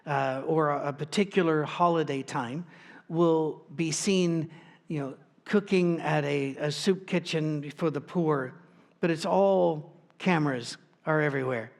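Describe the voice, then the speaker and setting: A man's voice: on the high side, a little slow. A male pastor preaching a sermon in a plain, informal storytelling way, with frequent restarts and asides.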